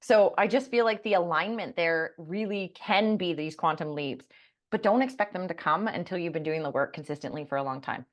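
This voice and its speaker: A woman's voice: fairly low pitch, fairly quick, dull audio. A woman co-hosting a spiritual podcast, telling personal stories in an earnest casual way and swearing casually. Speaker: podcast co-host. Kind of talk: casual chat.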